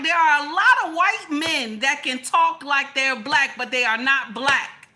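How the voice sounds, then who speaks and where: A woman's voice: high-pitched, animated, a little slow, bright, forceful tone. A woman giving casual opinion commentary, colloquial and emphatic, repeating her lines for stress. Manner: colloquial, slangy.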